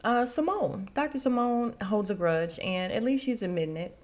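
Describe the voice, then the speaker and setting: A woman's voice: medium pitch, expressive, normal speed. A woman hosting a podcast, casually recapping a TV reunion, chatty and laughing often. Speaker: podcast host.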